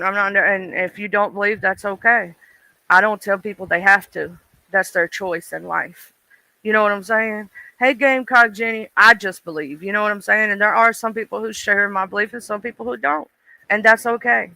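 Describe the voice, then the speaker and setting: A man hosting a livestream, chatting and gossiping in a dishy, animated way. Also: high voice, vocal fry, no room sound, rough recording. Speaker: livestream host. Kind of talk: casual livestream gossip chat.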